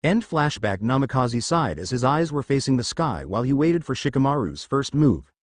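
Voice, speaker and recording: Reading fan fiction at a moderate pace, this male storyteller stays steady yet expressive, with his pitch moving widely up and down. The sound is close-miked and dry, free of room echo.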